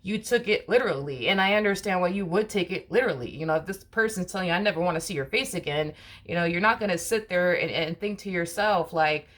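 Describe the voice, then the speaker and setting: A woman's voice: lowish voice, fast. A woman giving a casual tarot reading to her viewers, chatty and repetitive, with many fillers. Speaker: tarot reader.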